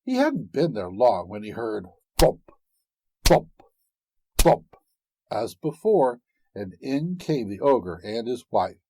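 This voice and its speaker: A male storyteller reading a fairy tale slowly and with great expression, his pitch rising and falling widely. His voice is husky and the recording is dry and close. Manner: expressive, unhurried, dramatic.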